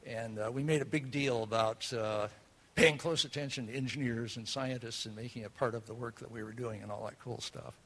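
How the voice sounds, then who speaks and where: A man hosting a seminar, introducing the speakers in a relaxed, rambling way with many fillers. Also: medium pitch, a little fast. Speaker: host.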